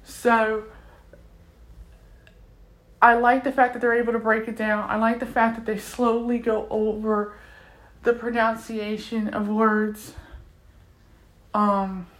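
A woman's voice: on the high side, level tone, slow, long pauses, a bit bright. A woman talking casually about a language course she enjoys, with plenty of fillers and restarts. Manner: chatty, many fillers and restarts. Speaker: language learner reviewing a course. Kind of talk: casual spoken review.

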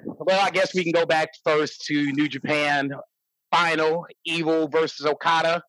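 A man's voice: on the high side, little pitch movement, unhurried, a bit bright, no echo, rough recording. A man from St. Louis co-hosting a casual wrestling podcast, laid-back with a playful mock-preacher delivery. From St. Louis, USA. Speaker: podcast co-host.

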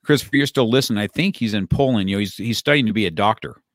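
A man's voice: on the low side, racing, dry recording, studio quality. A middle-aged man and martial arts school owner talking in casual conversation, rambling with frequent restarts and easy laughter, recorded in his office.

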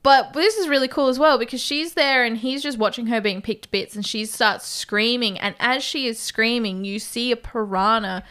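A woman co-hosting a casual film podcast, enthusiastic and quick to swear. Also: fairly high pitch, sharp tone, clear, resonant tone. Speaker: podcast co-host. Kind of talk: casual film review chat.

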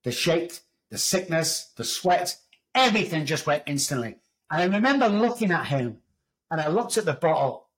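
A man's voice: a little high, sing-song, brisk, fairly bright tone, low-quality recording. Candid middle-aged Englishman telling his story. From England. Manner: candid, raw storytelling with swearing. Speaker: podcast guest. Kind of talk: storytelling interview.

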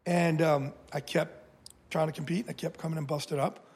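A man in his fifties whose voice sits a little high for a man and has a husky, slightly rough grain. He talks as a guest in a casual interview and tells his stories bluntly, with swearing and lively emphasis. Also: normal speed. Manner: blunt, profane, animated storyteller. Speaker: podcast guest.

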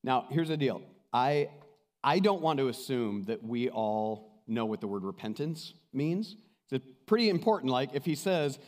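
A man preaching a sermon as pastor, passionate, swinging between loud calls and hushed asides. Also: mid-range voice. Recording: long hall reverb.

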